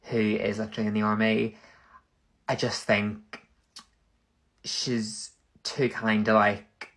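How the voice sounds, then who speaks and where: A man, rambling through a casual comedic monologue full of "like" and quick backtracking. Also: lowish voice, flat delivery, a bit bright. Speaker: content creator.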